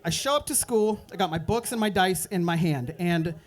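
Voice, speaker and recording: A young man doing a stand-up set at an open mic night, telling a rambling story and dropping into quick voices for the people in it. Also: sits high. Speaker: stand-up comedian. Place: open mic comedy club.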